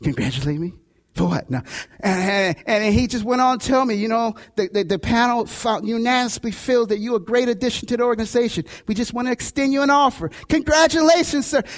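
A male pastor preaching a sermon, telling a personal story with lively, animated delivery. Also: extremely high pitch, fairly quick, big-room sound. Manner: animated storytelling with shouts and laughs.

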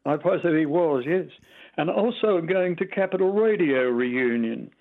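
A man in his eighties with a mild Australian accent, telling old stories as an interview guest. His voice is gravelly and he talks in halting, meandering bursts with lots of fillers. He comes through a thin, tinny phone line. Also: fairly high pitch, lively intonation. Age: 80s. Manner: rambling, halting with many fillers. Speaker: retired radio presenter, guest. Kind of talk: reminiscing interview.

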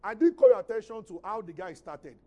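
A man with a Nigerian English accent preaching a sermon as pastor, swinging between loud, emphatic scripture reading and quiet, conversational asides. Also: high-pitched, expressive, a little fast.

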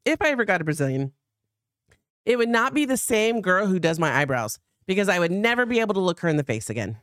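A woman of about fifty co-hosts a comedy podcast, trading bawdy jokes and laughing at her own lines. Her voice is smooth and clear and swings lively up and down. The sound is dry and close, with no room echo. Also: medium pitch, quick pace. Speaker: podcast co-host. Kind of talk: casual comedic chat.

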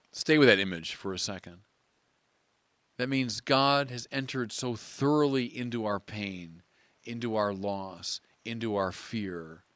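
A priest preaching a sermon in an earnest, measured way with emphatic pauses. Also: male voice, on the low side, fairly bright tone, dry recording.

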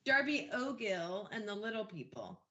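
A woman's voice: medium pitch, sing-song, normal speed, a bit bright, highs cut off. A woman co-hosting a casual movie podcast. She recaps a film's plot and chuckles between lines. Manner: reads plot summaries, chuckles mid-sentence. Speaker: podcast co-host.

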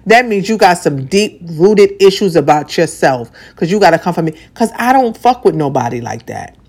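A woman in her forties, a radio personality, giving a blunt, profane personal monologue that mixes soft lines with punchy, repeated emphasis. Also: fairly low pitch, lively intonation, moderate pace, breathy edge. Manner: swings between soft and punchy delivery.

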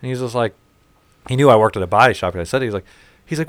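A man's voice: mid-range voice, fast talker, clean tone, dry recording. A man telling stories in casual chat, swearing freely and acting out what others said. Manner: profane, animated storytelling with quoted voices. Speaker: storyteller in casual conversation.

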